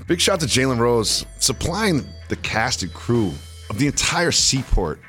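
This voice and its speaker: A man co-hosting a podcast, joking in casual, animated banter and laughing often. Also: mid-range voice, measured pace, soft background music. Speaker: podcast co-host.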